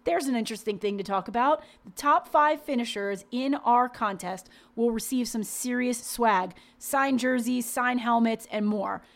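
A woman in casual podcast chat, with a slightly high voice. She sounds bubbly and talkative, with fast bursts and frequent fillers. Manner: bubbly, chatty, lots of "like". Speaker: podcast co-host. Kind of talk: casual chat and read sponsor spot.

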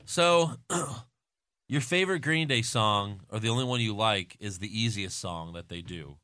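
A man's voice: fairly low pitch, animated, a little slow, pushed and bright, no echo, studio quality. A man co-hosting a podcast in casual banter, teasing and swearing, sneezing with hiccups. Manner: profane, teasing, rambling. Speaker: podcast co-host.

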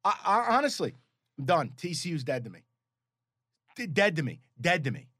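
A man's voice: fairly high pitch, very animated, normal speed, sharp tone, no echo, studio quality. A man co-hosting a sports betting podcast, telling stories in a profane, exasperated way. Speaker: podcast co-host. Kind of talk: casual sports betting chat.

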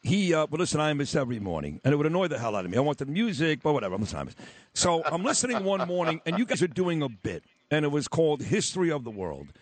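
Boisterous radio host guy, higher voice, lots of swing in his pitch, super dry close sound. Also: sing-song, rapid-fire, no room sound. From New York. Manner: boisterous, joking. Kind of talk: live radio conversation.

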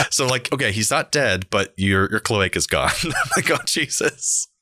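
A man's voice: on the low side, expressive, unhurried, bright, forceful tone, no echo, clean studio sound. A man chatting casually about tabletop games, telling stories and laughing often. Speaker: tabletop gamer in a podcast conversation. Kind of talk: casual chat.

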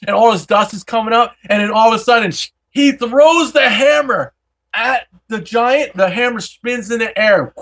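High-voiced man telling a wild story. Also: a little hiss or hum. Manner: animated, swears freely, acts out every character. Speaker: podcast host. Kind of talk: casual storytelling.

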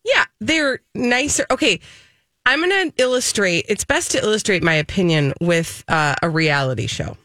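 A woman co-hosts a morning radio show, chatting in a loose, rambling way. Her voice is bright and forward. The sound is dry and close to the mic. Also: mid-range voice, animated, normal speed, dry recording. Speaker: radio co-host. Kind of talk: casual morning radio banter.

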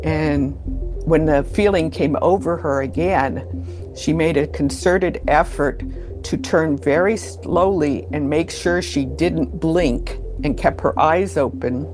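A middle-aged woman recounting childhood memories in an interview, unhurried and full of pauses. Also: sits low, music in the background. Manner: slow, unhurried storytelling with pauses. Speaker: interview guest. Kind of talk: storytelling in an interview.

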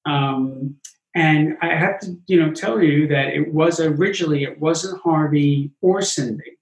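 A Broadway producer in an interview tells his stories with energy and acts out other people's lines. His voice sits a little high for a man. The room around him echoes. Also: unhurried. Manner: animated anecdotes, acts out quotes. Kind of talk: interview storytelling.

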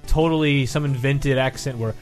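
A man's voice: mid-range voice, steady tone, normal speed, faint music behind. A man co-hosting a casual podcast, rambling and laughing often, with a loose, swearing style. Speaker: podcast co-host. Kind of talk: casual chat.

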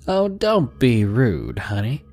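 A man's voice: medium pitch, very animated, takes it slowly, a little mellow, faint music behind. A man voicing a leering middle-aged male cowboy with a Southern accent, talking in an overfamiliar drawl.

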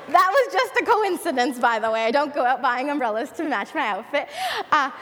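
A woman's voice: high voice, a bit bright, big-room sound. A woman preaching a conversational sermon, asking the listeners questions, then leading a prayer.

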